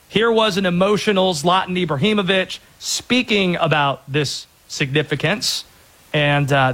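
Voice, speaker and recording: A man's voice: on the high side, a bit bright. A man hosting a sports show, giving an emphatic, opinionated soccer analysis.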